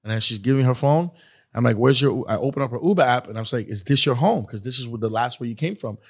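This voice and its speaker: Man, guest, rambling casual story, animated quoting. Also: mid-range voice, fast talker, breathy edge. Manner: rambling, animated, acts out quotes. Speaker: guest, skit creator.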